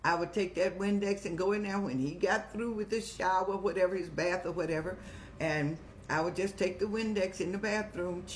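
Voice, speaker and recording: An older woman hosting a show, giving motherly, preachy advice in a folksy way and telling stories with lively rises in pitch. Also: moderate pace, a little hiss or hum. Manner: folksy, preachy, calls listeners child; animated storytelling with rising pitch. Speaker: host answering viewer questions.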